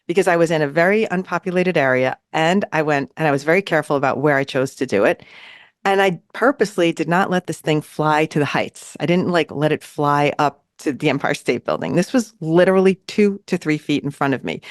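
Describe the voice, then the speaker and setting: A woman co-hosting a podcast in casual chat, telling a story in an animated way and acting out what people said. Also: deep voice, fairly quick, dry recording, clean studio sound. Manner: animated, acts out quoted lines. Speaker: podcast co-host. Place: New York City.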